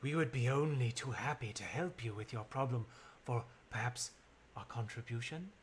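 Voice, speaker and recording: A man's voice: mid-range voice, lightly acted. A man voicing a creepy, fawning male cult acolyte who whispers, giggles and draws out his words in a tabletop game. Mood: oily. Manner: hissing whisper, giggling, drawn-out.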